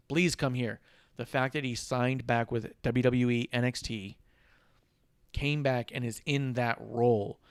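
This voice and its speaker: A man hosting a podcast, retelling a wrestling show with lively swearing and acted-out quotes. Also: medium pitch, clean tone, dry recording, studio quality. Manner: animated retelling, voicing characters and swearing. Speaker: podcast host. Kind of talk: casual wrestling recap chat.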